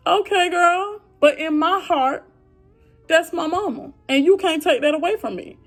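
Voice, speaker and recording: Frustrated high-voiced woman venting. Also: a little slow, soft background music. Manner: frustrated, heartfelt, talks straight to viewers. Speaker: vlogger. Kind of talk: emotional venting to camera.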